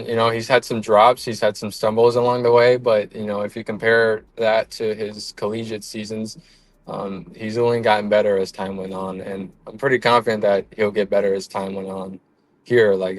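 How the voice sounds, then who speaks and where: Casual low-voiced man on sports talk. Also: no room sound, rough recording. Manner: casual, many "like" fillers. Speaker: guest.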